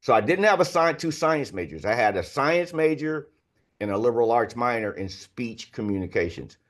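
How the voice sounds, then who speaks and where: Older male podcast guest, sixties, mid-pitched, chatty storyteller who leans on filler phrases. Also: sing-song, normal speed. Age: 60s. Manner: candid, anecdotal, heavy on filler phrases. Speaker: guest author.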